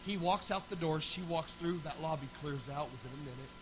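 High-voiced preacher, sung loud bursts. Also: male voice, fairly quick, background noise. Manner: swings from loud sung preaching to quiet storytelling. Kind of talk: storytelling sermon.

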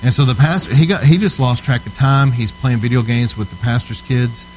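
A man's voice: mid-range voice, brisk, a little hiss or hum, poor audio. A man preaching to a congregation in a casual, storytelling way, earnest and emphatic, often checking in with the listeners. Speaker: preacher teaching on altar ministry. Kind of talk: conversational sermon teaching.

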